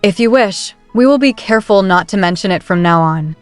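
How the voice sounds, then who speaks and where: A woman's voice: medium pitch, expressive, a little fast, clear, resonant tone, faint music behind, natural voice. Woman doing a nervous palace attendant. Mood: deferential. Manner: nervous, deferential.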